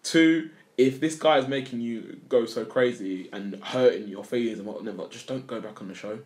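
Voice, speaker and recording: A man's voice: medium pitch, normal speed. A young man, co-hosting a casual podcast chat, rambling and swearing as he tells stories. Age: young adult. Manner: rambling, swears, animated storytelling. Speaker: podcast co-host.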